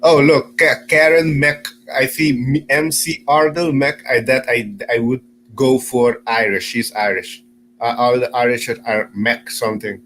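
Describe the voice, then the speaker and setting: A man's voice: mid-range voice, fairly even intonation, unhurried, fairly bright tone, slight background noise, poor audio. Chatty man reading comments. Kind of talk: casual chat. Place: Caribbean.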